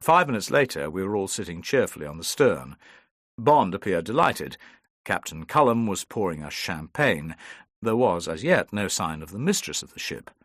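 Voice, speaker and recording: Low-voiced man narrating an audiobook. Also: sing-song, moderate pace, a bit bright, slightly rough, dry recording, studio quality. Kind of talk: first-person audiobook narration.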